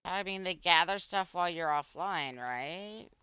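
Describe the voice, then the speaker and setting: A woman's voice: fairly low pitch, measured pace, smooth, dry recording, lo-fi sound. A woman with a Southern US accent, hosting a game stream in casual chat and asking curious questions. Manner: inquisitive, animated questions. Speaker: streamer host.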